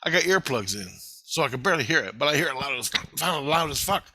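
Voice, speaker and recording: A man telling a rambling, profane story in casual vlog style, getting excited as he goes. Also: on the high side, fast talker, dry recording. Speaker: vlogger.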